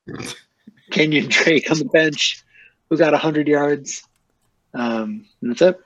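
A man's voice: a little high, slow, a bit bright, far from the mic, lo-fi sound. A man in casual podcast chat, teasing and laughing mid-sentence. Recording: voice set back from the mic.

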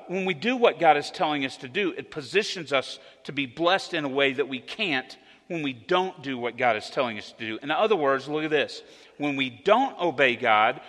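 Conversational pastor in a reverberant hall. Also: male voice, fairly high pitch. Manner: conversational, animated storytelling. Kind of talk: sermon. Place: church sanctuary. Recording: long reverb of a church hall.

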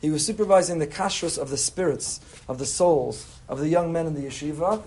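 A man's voice: fairly high pitch, fairly quick, darkish tone. A man, a rabbi, giving a chatty Torah class to a live group, mixing in Hebrew terms. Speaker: rabbi teaching a weekly class. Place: room with a breakfast crowd.

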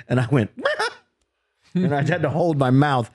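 A man on a comedy podcast telling a story in a relaxed, loose way. His voice sits in an ordinary middle pitch, and he laughs along with his co-host. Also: a little slow, no room sound, studio quality. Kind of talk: casual comedic chat.

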